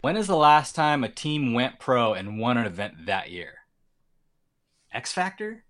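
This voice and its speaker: A man's voice: medium pitch, animated, moderate pace, fairly bright tone. A man hosting a podcast, chatting casually, curious and joking, firing off questions. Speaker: podcast host. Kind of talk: casual chat.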